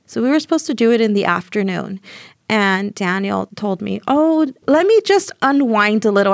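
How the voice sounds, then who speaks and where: A woman in her young adult years recounts events in an animated, conversational voice of middle pitch, often laughing and slipping into quoted voices. The sound is close and dry, with no room around it. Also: vocal fry, no room sound. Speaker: interview guest. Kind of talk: conversational storytelling.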